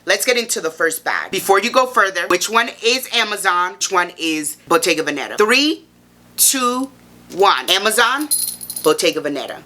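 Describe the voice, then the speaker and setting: A woman vlogger talks straight to camera in a sassy, playful review. Her voice sits a little low for a woman, with a bright, forceful edge to it. She keeps the tone animated and teasing. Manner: sassy, playful, animated, calls the viewer baby. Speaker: fashion vlogger.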